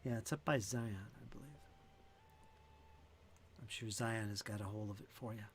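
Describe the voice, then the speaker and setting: A man's voice: on the low side, fairly even intonation, moderate pace. A man running a tabletop game as game master, thinking aloud with fillers and restarts.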